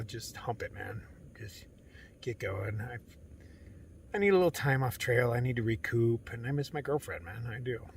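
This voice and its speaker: Chatty hiker man with a gravelly voice. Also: medium pitch, slight background noise. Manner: chatty, rambling, often drops to a whisper. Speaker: thru-hiker vlogger. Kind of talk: casual outdoor vlog. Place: outdoors on a desert trail.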